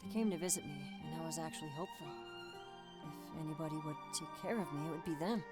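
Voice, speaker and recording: A woman voicing a low-voiced grieving young survivor. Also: quick pace, natural voice. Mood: sorrowful. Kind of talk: video game voice acting. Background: game music.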